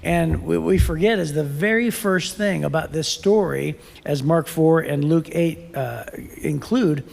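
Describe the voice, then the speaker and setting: A man's voice: on the high side, measured pace, vocal fry, hardly any pauses, a little mellow, long reverb tail. A man co-hosting a Bible podcast, talking in a casual, rambling way with fillers and restarts. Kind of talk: casual chat.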